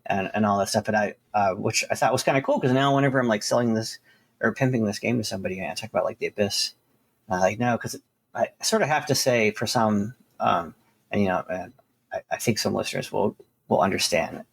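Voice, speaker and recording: A man's voice: on the low side, a little fast, creaky, husky. A man co-hosting a casual podcast interview, rambling loosely and circling back on his points. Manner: rambling, full of fillers and restarts.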